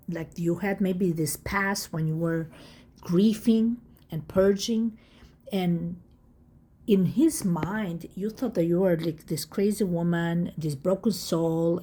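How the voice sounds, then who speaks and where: A woman reads tarot cards for her viewers in a casual, excited way. She stresses and repeats each point. Her voice is husky and mellow, with a soft, breathy edge. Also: fairly low pitch. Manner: excited, emphatic and repetitive, addressing viewers directly. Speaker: tarot reader. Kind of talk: casual tarot reading to camera.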